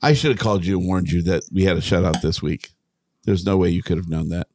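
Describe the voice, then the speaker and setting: A man's voice: low-pitched, fast, darkish tone, a little hiss or hum. A man co-hosting a podcast in casual banter, joking and rambling with lots of restarts. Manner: joking, rambling, self-interrupting. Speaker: podcast co-host.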